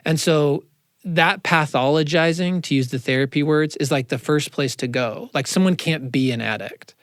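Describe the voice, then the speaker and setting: A man, a counselor, talking in a casual interview, animated and quick with asides, in a studio. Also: a little high, no echo. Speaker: counselor, podcast guest. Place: radio studio.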